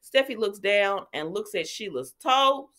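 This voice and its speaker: A woman casually recapping a soap opera episode for her channel, chatty and animated, with lots of fillers as she tells the story. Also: medium pitch, measured pace. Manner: animated storyteller, acts out lines, many fillers.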